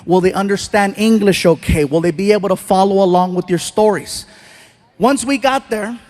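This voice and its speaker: Male stand-up storyteller, high voice, animated, live on stage. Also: normal speed. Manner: animated, puts on voices for people in his stories. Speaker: stand-up comedian.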